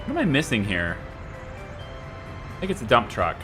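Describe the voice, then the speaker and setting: A man's voice: mid-range voice, huge pitch swings, moderate pace, over music. A man with a Scottish accent giving live gameplay commentary, musing aloud and chatting to viewers and to the little workers in his game. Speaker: streamer.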